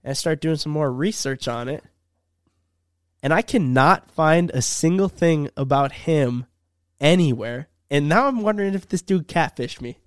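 A man's voice: a little high, expressive, moderate pace, clear, resonant tone, dry recording, studio quality. A young man hosting a casual podcast, telling a story and acting out both sides of the conversation. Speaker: podcast host.

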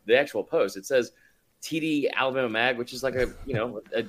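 A man's voice: mid-range voice, brisk. A man talking as a podcast guest in casual chat, rambling with lots of fillers and laughing often.

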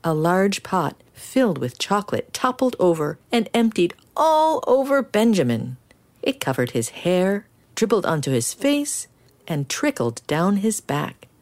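A woman reading a children's picture book aloud in an expressive, animated storytelling style. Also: lowish voice.

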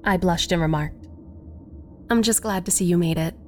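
A woman narrating a first-person horror story in a slow, measured storytelling voice. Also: lowish voice, a little hiss or hum.

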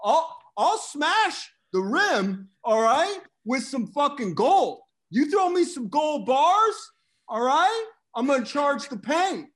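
A man's voice: very high-pitched, very animated, slow, fairly bright tone. A man co-hosting a comedy podcast, joking loosely and swearing freely in casual banter. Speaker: podcast co-host.

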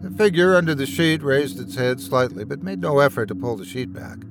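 Male horror narrator, very animated pitch, steady music bed. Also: a little fast, gravelly. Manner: dramatic, animated storytelling. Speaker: podcast host and narrator.

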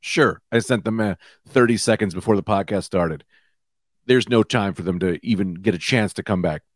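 A man in his thirties hosting his own comedy podcast, high and rambling loosely from one tangent to the next. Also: normal speed, dry recording, clean studio sound. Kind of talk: casual comedic monologue. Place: small room with lights out.

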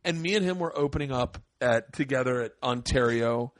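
A man's voice: medium pitch, a little fast, dry recording, studio quality. A man hosting a podcast, telling a story in casual, profane chat and acting out the quotes in a raised voice. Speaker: podcast host.

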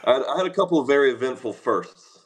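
A man's voice: medium pitch, animated, fast. A man guesting on a podcast, telling easygoing anecdotes and laughing as he goes. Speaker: guest, pro pitcher. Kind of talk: interview chat.

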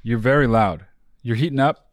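A man's voice: mid-range voice, normal speed, dry recording. A man co-hosting a podcast, teasing his partner in a dry, wry way during casual chat. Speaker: podcast co-host.

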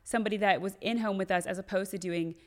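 A woman's voice: medium pitch, steady tone, fast talker. Woman in her 30s, mom on a podcast, earnest casual chat. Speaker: podcast co-host, mother.

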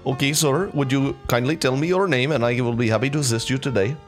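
A man's voice: mid-range voice, fast talker, faint music behind, voice pushed up, lightly acted. A man voicing an overly polite male customer service agent with an Indian accent in an improvised comedy sketch. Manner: overly polite, apologetic, formal phrasing.

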